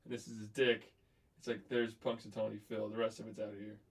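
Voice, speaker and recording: A man co-hosting a podcast, riffing with deadpan, crude, absurd humor in casual banter. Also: on the low side, a little fast, gravelly, slightly rough. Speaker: podcast co-host.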